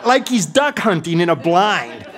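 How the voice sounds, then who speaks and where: A man's voice: sits high, very animated, unhurried, a crowd in the background. A middle-aged man telling a comic story in a grand, mock-epic manner. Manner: mock-epic, dramatic delivery.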